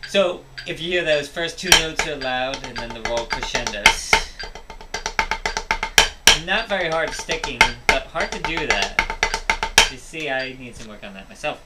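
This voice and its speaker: Speaking expressively in a mid-range voice at a measured pace, a man leads an instructional drum lesson, explaining step by step and counting out the rhythms. Drumming and loud music play behind him.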